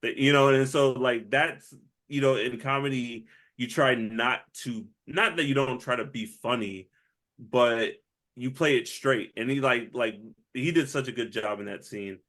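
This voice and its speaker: A man co-hosting a casual movie review podcast, talking in an animated way, laughing often and full of "like" and restarts. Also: medium pitch, unhurried. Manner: animated, laughs a lot, acts out quotes; hesitant restarts, says "like" often. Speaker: podcast co-host.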